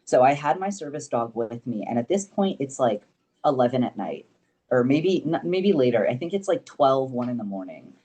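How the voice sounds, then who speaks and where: A young man, a podcast guest, telling stories in casual chat, animated and swearing freely. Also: medium pitch, normal speed. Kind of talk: casual storytelling.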